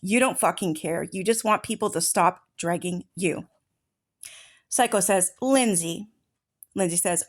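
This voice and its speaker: A woman's voice: on the low side, unhurried, long pauses. A woman hosting an online commentary channel, reading chat messages aloud and cutting in with angry, profane outbursts. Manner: furious, profane, confrontational. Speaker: true-crime commentary channel host.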